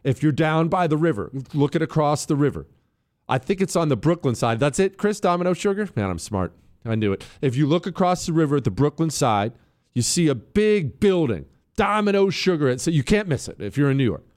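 A man's voice: on the high side, big pitch swings, brisk, a little mellow. A man hosting a talk radio show, delivering an opinionated monologue in a conversational way, with asides to his studio crew.

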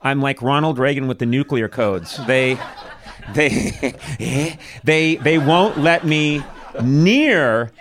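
A man in his sixties hosts a live comedy podcast in a mid-pitched voice. He riffs and jokes loosely and pokes fun at himself. His delivery is relaxed and conversational. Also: slow. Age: 60s. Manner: joking, self-mocking and riffing. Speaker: podcast host. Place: live show on a stage.

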